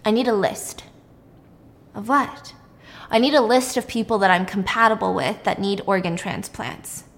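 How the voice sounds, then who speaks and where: A woman voicing a bitter, grieving widow bent on revenge, who speaks in a flat, curt, demanding way. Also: medium pitch, moderate pace, gravelly, natural voice. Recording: long reverb.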